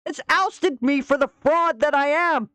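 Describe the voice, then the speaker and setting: Woman doing a whiny, shrill man in a panic, squealing that he's been found out, dry close sound. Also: a little slow, fairly bright tone, no echo. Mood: mocking panic. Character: panicking, whining man mocked as a fraud.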